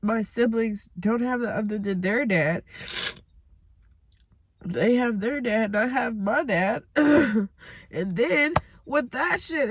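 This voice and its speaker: A young woman giving a candid personal confession, halting and emotional, with sighs and blunt swearing. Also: a little high, no echo. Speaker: vlogger sharing a personal testimony.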